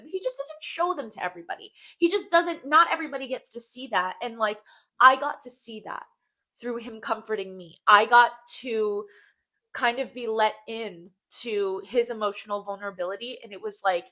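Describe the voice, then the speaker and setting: A woman's voice: a little high, a bit bright. A young woman co-hosting a casual podcast, talking in a heartfelt way, repeating phrases and saying "like" often. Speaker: podcast co-host.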